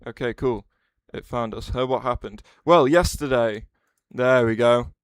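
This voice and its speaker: A man streaming live and chatting loosely with his viewers, often breaking off mid-sentence to start over. His voice is smooth and clean, and it is recorded dry and close with no room sound. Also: medium pitch, unhurried, dry recording. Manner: rambling, restarts sentences, answers chat aloud. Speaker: livestreamer. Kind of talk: casual livestream chat.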